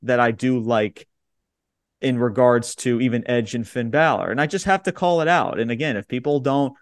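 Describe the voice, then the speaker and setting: A man co-hosting a wrestling review podcast, talking bluntly and swearing freely while he recaps the show. His voice sits at an ordinary middle pitch. The recording is dry and close, with no room sound. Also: moderate pace, no room sound. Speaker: podcast co-host. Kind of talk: casual wrestling review chat.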